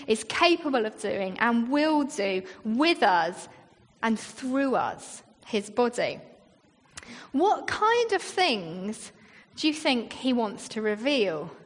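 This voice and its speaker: A woman church leader preaches in a chatty way, full of rhetorical questions and acted-out quotes. Her high-pitched voice is sing-song and she takes her time, while the hall adds long reverb.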